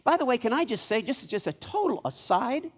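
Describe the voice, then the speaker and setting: A man preaching a sermon as pastor of a church, telling stories in a lively way and acting out the lines of the people in them. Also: very high-pitched, fairly quick, slightly rough.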